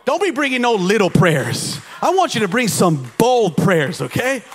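A man preaching a sermon to his church congregation, folksy and joking, who swings from quiet asides to loud shouted preaching and calls on the crowd to answer back. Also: sits high, big pitch swings, normal speed, a little hiss or hum. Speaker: pastor.

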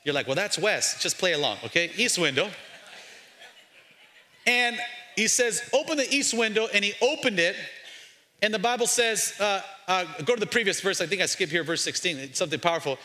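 Male pastor, lively sermon, jokes with the congregation, bright tense voice, fairly high. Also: brisk, pauses often. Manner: lively, joking, calls out to the congregation. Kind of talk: energetic sermon. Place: church.

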